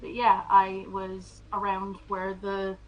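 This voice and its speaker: A woman playing a tabletop role-playing game, speaking in character with hesitant pauses and fillers. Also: mid-range voice, completely flat delivery, highs cut off.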